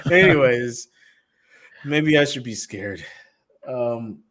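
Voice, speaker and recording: A man co-hosting a podcast, reading promos in a loose, joking way and jumping between loud and soft. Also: mid-range voice, slow. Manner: animated, jokey, swings loud and soft. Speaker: podcast co-host. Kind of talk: casual chat with show promos.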